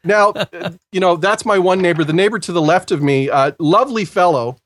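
A man's voice: high voice, fairly quick, a bit bright. A Canadian man, a voice actor, chatting casually as a podcast guest, joking and rambling with lots of fillers. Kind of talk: casual chat.

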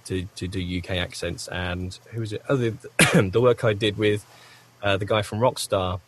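A man with a somewhat low voice answers interview questions at length. He wanders and corrects himself as he goes, and breaks up his talk with the odd cough. He speaks from a home recording booth. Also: steady tone, normal speed, a bit bright, slight background noise. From United Kingdom. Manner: rambling, self-correcting, frequent coughs. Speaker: voice actor guest.

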